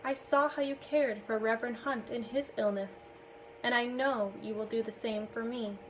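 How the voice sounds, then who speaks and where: A woman reading the lines of a wounded male captain in a storybook, speaking in a measured, grave way. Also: fairly high pitch, fairly even intonation, a little hiss or hum, natural voice, low-quality recording. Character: wounded middle-aged male captain, commanding.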